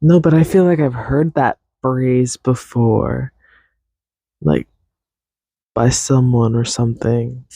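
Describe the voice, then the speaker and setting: A man's voice: medium pitch, fairly even intonation, slow pace, pauses often, warm tone, dry recording. A man hosting a podcast alone, rambling in a chatty, self-teasing way. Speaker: podcast host. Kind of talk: casual solo podcast chat.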